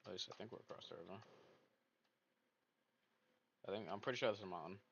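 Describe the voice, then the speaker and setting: A man's voice: low voice, quick pace, creaky, fairly bright tone. A man thinking aloud as he hosts casual gameplay commentary, rambling and poking fun at himself. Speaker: gaming video host. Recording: dull lo-fi mic with faint noise.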